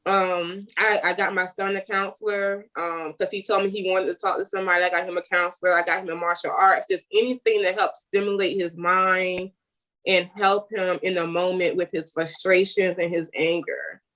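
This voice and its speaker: A woman's voice: fairly low pitch, steady tone, moderate pace, fairly bright tone. Single mom guest, open and emotional, telling her own story. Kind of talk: personal conversation.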